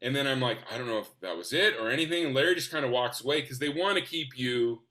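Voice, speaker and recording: A man from the US Northwest telling stories in a casual podcast chat, enthusiastic and animated, acting out what people said. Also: mid-range voice, quick pace. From Spokane, US. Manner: enthusiastic, animated, acts out quotes. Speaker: actor guest.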